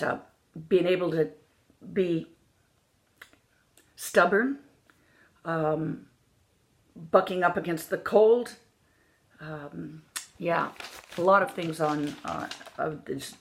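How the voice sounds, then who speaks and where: A woman teaching an accent lesson as a dialect coach, demonstrating sounds and repeating words to drill them. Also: sits low.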